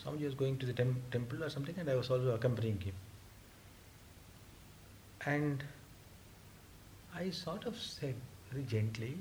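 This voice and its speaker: An older man recounting memories of his teacher in a spoken talk, hesitant, with frequent fillers, and animated when he quotes others. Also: mid-range voice, moderate pace, pauses often, slight background noise. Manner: hesitant storytelling with many fillers, acting out quoted speech. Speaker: speaker recounting memories of a guru.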